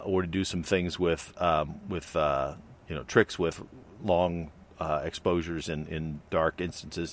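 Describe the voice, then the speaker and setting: A middle-aged man with a deep yet fairly bright voice co-hosts a podcast. He chats casually and rambles, with lots of fillers and restarts.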